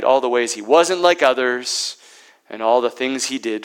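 Guy preaching a sermon, gets loud and emphatic then goes quiet and whispery. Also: medium pitch, normal speed, clear, resonant tone, low-quality recording. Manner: emphatic, swinging from loud peaks to hushed near-whispers. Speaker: pastor.

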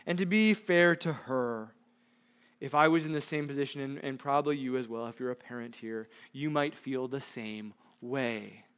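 A man preaching a sermon, emphatic, with frequent rhetorical questions, swinging between loud stresses and hushed asides. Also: medium pitch, normal speed, clear, resonant tone. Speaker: pastor.

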